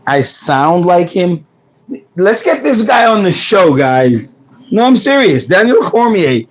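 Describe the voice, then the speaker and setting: A man's voice: sits high, sing-song, slow, rough recording. A man from New York hosting a casual livestream, joking and laughing with viewers while losing his voice. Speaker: food truck business livestream host. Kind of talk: casual livestream chat reading comments. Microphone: phone.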